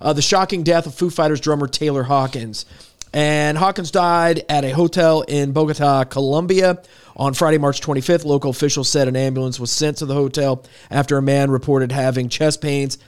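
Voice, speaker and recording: A man's voice: on the high side, fairly even intonation, a little fast, clear, resonant tone. Laid-back man hosting a chat show. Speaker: host. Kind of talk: casual chat and news rundown.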